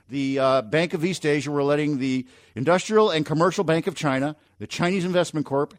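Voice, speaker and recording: A man hosting a business talk radio show, reading listener emails and giving brisk, opinionated editorials with rhetorical questions. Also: fairly high pitch, no echo, studio quality.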